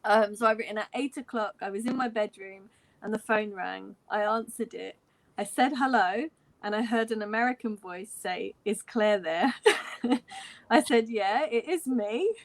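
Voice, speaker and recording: An English fan in her forties from London tells a story casually over a video call, animatedly quoting dialogue and laughing a lot. She speaks at a moderate pace in a gravelly, mid-range voice.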